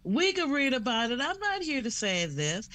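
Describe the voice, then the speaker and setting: A woman, arguing heatedly on a call-in show, talking over the host and getting higher when pressed. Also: very animated, moderate pace, fairly bright tone. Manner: talks over the host, defensive, rising pitch when pressed. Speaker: caller.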